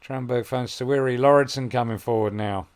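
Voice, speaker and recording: A man commentating on his football management game, musing quietly and then breaking into excited play-by-play. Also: mid-range voice, a little fast, clear, resonant tone. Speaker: gaming video host. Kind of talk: gameplay commentary.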